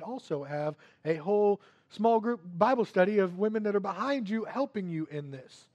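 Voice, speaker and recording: Male preacher with a high voice, earnest sermon delivery, repeats phrases, drops to hushed asides then builds to loud emphasis, dry close sound. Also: lively intonation, normal speed, few pauses, dry recording, muffled recording. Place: church before a congregation.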